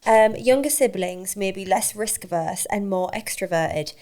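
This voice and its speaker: Woman co-host, quick teasing banter, gravelly creak in the voice. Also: mid-range voice, darkish tone. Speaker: podcast co-host. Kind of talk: casual chat.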